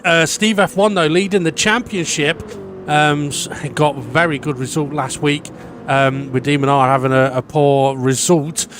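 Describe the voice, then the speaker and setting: A man's voice: fairly high pitch, steady tone, a little slow, fairly bright tone, a little hiss or hum. A man commentating a sim racing league in a chatty way, full of ums and small stumbles. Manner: chatty, filler-heavy, stumbling. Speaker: race commentator.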